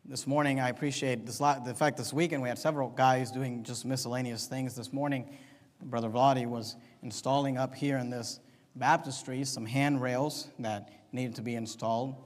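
A man preaching a sermon to his congregation, swinging between loud, emphatic declarations and quiet, conversational storytelling. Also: medium pitch, steady tone, normal speed, big-room sound. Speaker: pastor. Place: church sanctuary.

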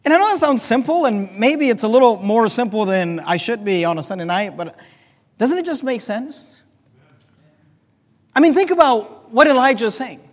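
A man delivers an impassioned sermon in a fairly high voice, and it swells toward near-shouts when he quotes scripture. His words ring with the long reverb of a church hall. He speaks as a preacher addressing his congregation. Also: expressive, moderate pace.

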